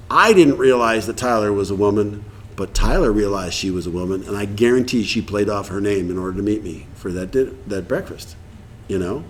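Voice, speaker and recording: A man's voice: medium pitch, fairly quick, a little hiss or hum. A man in his fifties speaking to a recovery meeting, telling his story in a candid, humorous, blunt way. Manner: acts out quoted dialogue. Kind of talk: casual storytelling talk to an audience.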